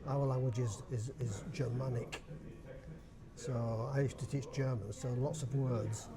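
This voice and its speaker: A man's voice: medium pitch, fairly even intonation, unhurried, a crowd in the background. An older man with a Yorkshire accent, chairman of a dialect society, answering interview questions in a thoughtful way with restarts.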